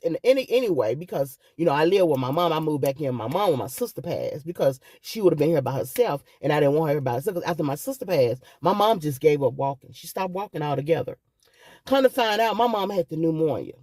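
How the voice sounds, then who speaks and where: A woman's voice: low-pitched, darkish tone, dry recording. A middle-aged woman vlogging, telling a personal story with emotion and often calling her viewers "guys".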